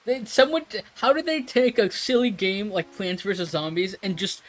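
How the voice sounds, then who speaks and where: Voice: mid-range voice, moderate pace, rough recording. Rambling, swearing streamer chatting casually. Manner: rambling, swears a lot, laughs often. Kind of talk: casual live-stream chat while drawing.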